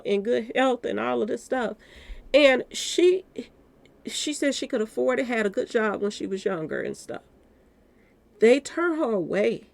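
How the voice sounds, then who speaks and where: Gravelly woman chatting to viewers. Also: on the high side, no room sound. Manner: talks straight to viewers, repeating "y'all". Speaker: commentary channel host. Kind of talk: casual commentary to viewers.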